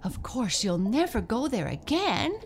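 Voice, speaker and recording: A woman's voice: fairly high pitch, big pitch swings, unhurried, slight background noise, pitched above the performer's own voice. A woman voicing a well-behaved young female dolphin in a children's storybook, talking in a sensible, coaxing way. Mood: firm.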